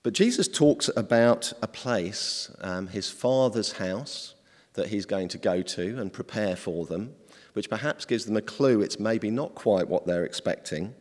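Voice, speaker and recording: A man playing a preacher, fairly low voice, chatty and halting delivery, long hall echo. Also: expressive. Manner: conversational and hesitant, with many ums. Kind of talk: informal sermon.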